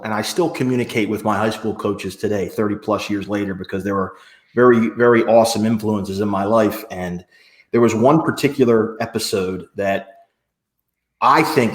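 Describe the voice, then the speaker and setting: A man in his forties, a podcast guest, telling his own stories in a lively conversational way and acting out what people said. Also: lowish voice. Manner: animated storyteller who acts out quotes in other voices. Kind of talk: conversational interview storytelling. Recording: roomy echo.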